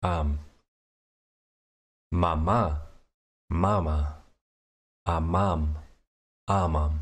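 A young man narrating a scripted explanation of his invented writing system, measured and methodical, slowing down to sound out each example. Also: deep voice, husky. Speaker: conlang creator presenting his language.

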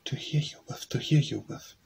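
A man's voice: normal speed, a little mellow, slight background noise, lightly acted. A man reading as a sly hungry wolf. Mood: hushed.

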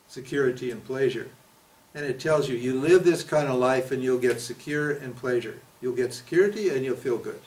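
Guy teaching a room, chatty, keeps asking the crowd stuff, mic kinda far off. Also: mid-range voice. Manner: conversational, asks the audience questions, acts out quoted prayers. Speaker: spiritual teacher. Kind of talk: teaching talk. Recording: voice picked up from a distance.

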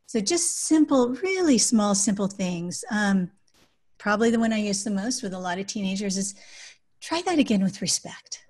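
Interviewed on a podcast, she shares parenting ideas through concrete examples, drawing on her life as an adoptive parent and author. Her pitch is medium and her pace moderate, and quoted words to a child take on a soft, calm tone.

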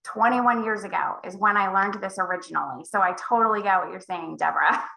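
This real estate sales trainer, a woman in her forties, speaks fairly quickly at medium pitch with some vocal fry while coaching agents in a live online session. She brings lessons to life with animated stories, voicing dialogue in different characters, though the audio is reverberant and poor.

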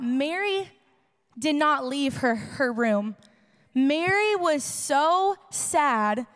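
A woman's voice: sits high, long reverb tail. A woman youth pastor giving a sermon, chatty and conversational, acting out quoted dialogue and rising to passionate preaching. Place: church hall.

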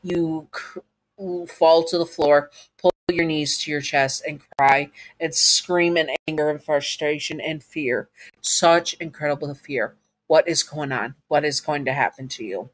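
A woman's voice: sits low, fairly even intonation, unhurried. A woman narrating a second-person audio story to the listener, with casual asides.

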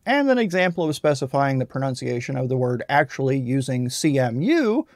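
A man narrating a software tutorial voice-over in a plain, explanatory and self-deprecating way, recorded on a close mic. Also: mid-range voice, lively intonation, a little fast, few pauses, no echo. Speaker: tutorial host.

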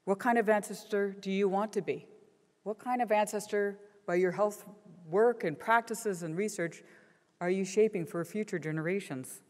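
A woman's voice: medium pitch, normal speed. Earnest woman speaker in an echoing hall. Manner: earnest, lively storyteller. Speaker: professor giving a keynote. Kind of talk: keynote speech and storytelling. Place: large conference hall. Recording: long reverb of a conference hall.

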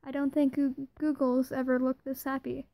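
An eager, cheerful young man talks with excitement, as a woman reads his lines. The voice is high and fairly flat, with a dark, mellow tone. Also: normal speed, no room sound. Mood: excited. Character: cheerful young man showing off a new look.

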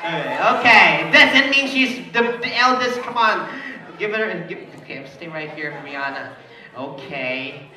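Party emcee, playful and teasing, unhurried, lively pitch, heard from afar. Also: male voice. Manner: playful, teasing, laughs often. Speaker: party entertainer. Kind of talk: party emcee with audience banter. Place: indoor party venue. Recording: echoey party hall, distant mic, crowd.

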